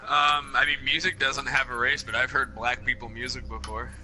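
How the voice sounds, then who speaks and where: A man's voice: medium pitch, level tone, normal speed, sharp tone, slight background noise, low-quality recording. A young man co-hosting a casual podcast chat, answering in a dry, wry way. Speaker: podcast co-host.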